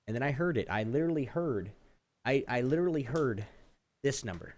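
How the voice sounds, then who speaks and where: A man co-hosting a podcast, ranting in casual chat and acting out phone calls with swearing, jumping from loud outbursts to low mutters. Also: a little fast. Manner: animated storytelling, swears, acts out phone calls. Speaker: podcast co-host.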